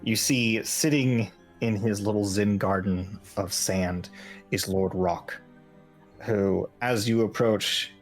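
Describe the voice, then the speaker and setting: A man narrating as game master in a relaxed, descriptive way, with many fillers. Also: lowish voice, takes it slowly, soft background music.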